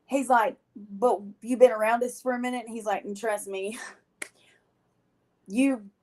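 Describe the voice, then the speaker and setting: A woman, a podcast guest telling her own story in casual chat, animated and often laughing as she acts out what people said. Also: on the high side, moderate pace.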